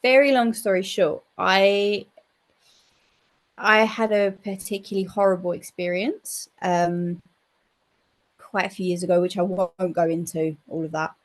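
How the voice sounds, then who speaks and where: A woman, a psychic medium guest in an interview, telling a story in a chatty, animated way and swearing now and then. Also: lowish voice, measured pace.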